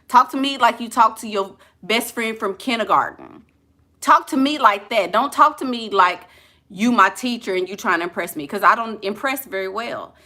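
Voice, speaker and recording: Speaking in a bright, forceful, medium-pitched voice, this New Orleans relationship coach is blunt and sassy. She keeps her advice casual and colloquial.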